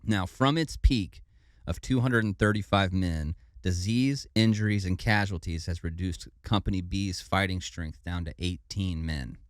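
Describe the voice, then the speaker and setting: A man with a very deep voice retells history in a relaxed podcast chat, tripping over hard names and tossing in a casual "dude". His voice is recorded close and dry, with no room sound. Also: measured pace, few pauses, dry recording. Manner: laid-back, stumbles over foreign names, says "dude". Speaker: podcast co-host.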